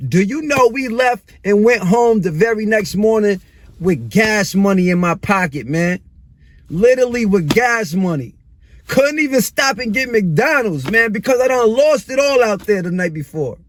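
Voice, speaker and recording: A man in his thirties tells a personal story in a loose, slangy way, keeps dropping "yo" and "man". His voice sits fairly high for a man. He swings from excited to rueful as he talks. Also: normal speed. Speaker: vlogger telling a personal story. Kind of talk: casual storytelling to camera.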